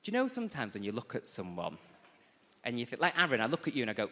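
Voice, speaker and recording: Bright-voiced man from England, camp and chatty, teasing the crowd, echoey theatre. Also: mid-range voice, wildly swooping pitch, fast. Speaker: stand-up comedian. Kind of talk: stand-up routine. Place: large theatre stage.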